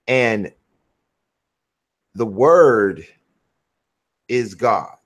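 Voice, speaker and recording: A man hosting a casual talk, slowly explaining his view and reading scripture aloud with deliberate emphasis. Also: lowish voice, expressive. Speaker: host. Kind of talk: casual religious discussion.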